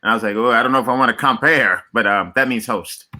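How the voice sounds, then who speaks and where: A man's voice: medium pitch, fast talker. A man who is a guest comedian, chatting casually on a video call in a loose, filler-heavy way. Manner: relaxed, loose, lots of fillers like "like" and "you know". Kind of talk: casual chat.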